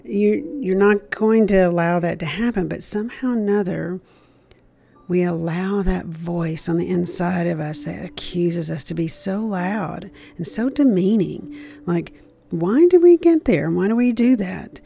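Woman teacher, casual faith talk, lowish warm voice, acts out quotes. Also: measured pace, vocal fry. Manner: conversational, repeats herself, acts out the inner voice. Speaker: Christian speaker.

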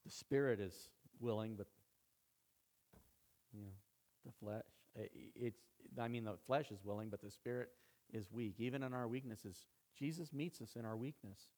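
A man's voice: on the low side, moderate pace. Man preaching in a conversational sermon. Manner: conversational preaching, swelling louder for emphasis. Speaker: pastor.

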